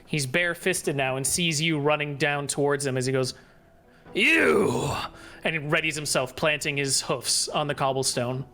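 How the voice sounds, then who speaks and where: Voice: mid-range voice, steady tone, brisk, hardly any pauses, bright, forceful tone. A game master narrating a tabletop fantasy game with plenty of swearing and laughter. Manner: profane, laughs while narrating.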